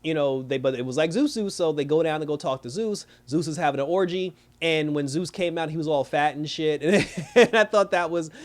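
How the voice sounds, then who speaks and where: A man with a somewhat high voice reviews a movie in a loose, slangy recap. He curses freely and slips into quick impressions of the characters. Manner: animated, slangy, profane, retells scenes with quoted voices. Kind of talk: casual plot recap.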